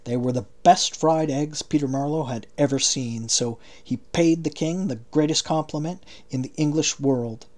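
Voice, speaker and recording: A man narrating an audiobook in a steady, measured way. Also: fairly high pitch. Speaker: audiobook reader.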